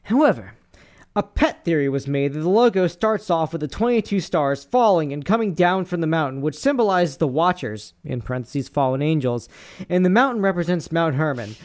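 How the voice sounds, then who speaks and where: A man's voice: a little high, expressive, a little fast, a little mellow. A man co-hosting a casual podcast, rambling and swearing as he reads posts aloud with asides. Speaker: podcast co-host.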